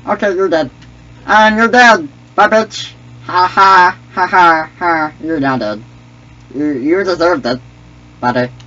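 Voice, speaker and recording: A man putting on the voice of a goofy, clumsy male alien sidekick in an excitable, trash-talking way while commenting on a game, with sing-song babble. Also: a little high, moderate pace, long pauses. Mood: gleeful. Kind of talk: gaming commentary in a character voice. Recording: dull lo-fi mic with faint hum.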